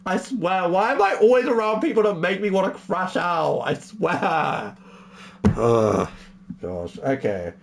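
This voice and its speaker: A young streamer talking straight to his chat, often slow and drawn out, with a gravelly edge. His pitch swings widely as he veers between quiet, somber reflection and loud, swearing exasperation. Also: lively intonation, background noise. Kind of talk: casual livestream monologue.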